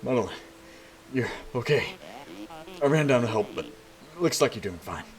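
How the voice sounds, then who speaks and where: A man's voice: mid-range voice, moderate pace, close to an everyday voice, low-quality recording. A man reading a friendly, caring young man from a game, in an upbeat tone. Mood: relieved.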